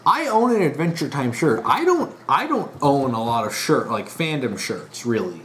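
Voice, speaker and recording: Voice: medium pitch, very animated, moderate pace, a bit bright, a little hiss or hum. A vlogger in a casual monologue, rambling with restarts and sounding exasperated and disappointed. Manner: rambling, frequent restarts and fillers.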